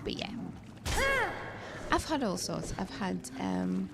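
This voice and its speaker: A woman's voice: on the low side, expressive, takes it slowly, creaky, noisy background. A woman streaming a survival game, telling shop stories in chatty casual talk full of fillers and restarts. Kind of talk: casual chat while gaming. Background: game music.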